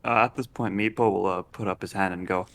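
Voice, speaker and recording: A man playing a tabletop game, describing his character's actions in quick, animated narration with fillers. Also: low voice, vocal fry. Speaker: player.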